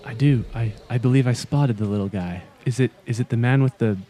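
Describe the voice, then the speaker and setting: A man's voice: medium pitch, fairly quick, warm tone, a little hiss or hum. A man playing a tabletop game in character, speaking in a formal, polite way. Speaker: player.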